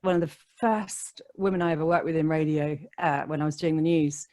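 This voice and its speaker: A woman's voice: low voice, fairly even intonation, a little fast, a little mellow. A woman, a radio DJ, chatting as a podcast guest and telling stories with frequent laughs. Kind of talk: casual interview chat.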